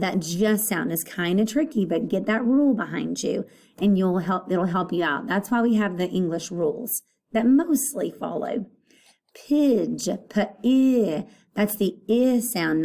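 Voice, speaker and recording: A woman teacher leads a children's phonics lesson at an unhurried pace. Her voice is mellow and warm, and she says each word carefully and repeats it so the children can follow. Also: lowish voice, vocal fry. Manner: slow, patient, repeats words aloud to children. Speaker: elementary school teacher.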